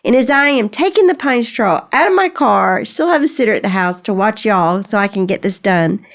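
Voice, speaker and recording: A middle-aged woman with a drawl hosts a podcast in a candid, chatty way. Her pitch sits in the middle of the range. She laughs a lot and acts out dialogue as she tells a story. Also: animated, moderate pace. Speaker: podcast host.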